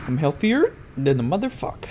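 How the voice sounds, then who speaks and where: A fairly high-voiced man swears his way through a video game, heckling the monsters and breaking into sudden loud yells. A steady background noise runs under his voice. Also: moderate pace. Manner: profane trash talk at game enemies, sudden loud outbursts. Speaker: gameplay commentator. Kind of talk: let's-play commentary.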